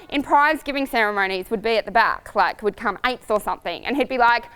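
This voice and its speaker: A woman riding coach giving upbeat, lively advice to riders in a coaching video. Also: a little high, fast talker, hardly any pauses, clear, resonant tone. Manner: lively and upbeat, acts out voices, laughs easily.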